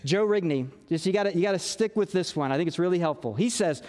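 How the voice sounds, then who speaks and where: Male pastor, sermon, high voice, unhurried delivery, long hall reverb. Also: lively intonation, a little mellow. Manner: earnest, conversational preaching with emphatic rises.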